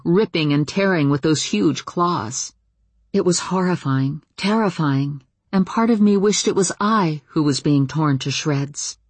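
Husky woman narrating an audiobook. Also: sits low, a little mellow, no room sound. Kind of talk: first-person fiction narration.

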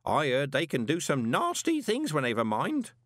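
A man's voice: fairly high pitch, huge pitch swings, moderate pace, a bit bright, no echo, studio quality, voice pushed up. A man voicing a fussy old male postal worker who babbles and quavers. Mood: babbling. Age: older.

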